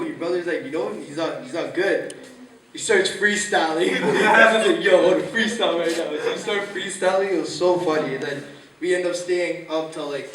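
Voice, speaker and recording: High-voiced young man telling a story. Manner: animated, laughs often, acts out quotes with slang. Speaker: storyteller among friends. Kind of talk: casual anecdote telling. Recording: echoey room, distant mic, crowd chatter.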